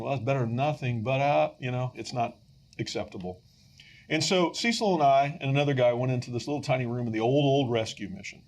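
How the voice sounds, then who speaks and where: A middle-aged man hosting a podcast, telling a story with lively energy and frequent fillers and restarts. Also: mid-range voice. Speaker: podcast host and rescue mission leader.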